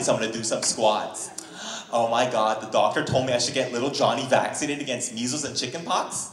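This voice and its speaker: A man doing a stand-up comedy set, animated and acting out characters with sudden high squeals. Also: roomy sound. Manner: animated, acts out characters with wild pitch jumps and high squeals. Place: comedy club stage, live audience laughing.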